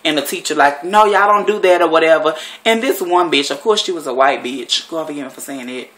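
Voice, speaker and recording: A woman's voice: sits low, a little fast, a bit bright. A woman vlogger telling a story in a blunt, profane and rambling way, sitting at home. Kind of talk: casual storytelling monologue.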